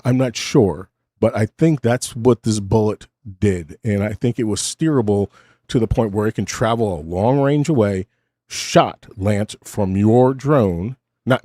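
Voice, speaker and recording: Late at night, a middle-aged man with a low, warm voice rambles casually into a studio mic with a cough button in his home studio. Hosting his stream, he keeps cutting himself off and tossing in wry asides, sounding underslept. The recording is dry and close-miked.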